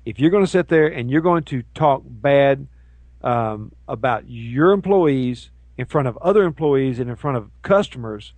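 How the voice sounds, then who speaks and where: A man co-hosting a casual talk show, ranting in an animated way and mocking people with put-on voices. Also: a little high, no echo. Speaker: co-host. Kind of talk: casual chat show banter.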